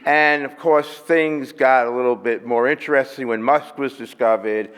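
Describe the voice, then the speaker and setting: A man's voice: mid-range voice, fairly even intonation, moderate pace, fairly bright tone, clear, resonant tone. A man giving a methodical, explanatory lecture at a medical conference, walking through his slides step by step. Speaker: physician presenting at a medical conference. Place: hotel conference room. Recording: reverberant conference hall.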